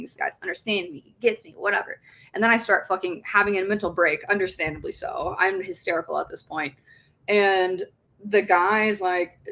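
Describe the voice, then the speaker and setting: A woman in her twenties, a podcast guest telling her story in a casual, chatty way, with lots of "like" fillers, frequent swearing and an animated delivery. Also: mid-range voice. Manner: heavy use of "like" fillers.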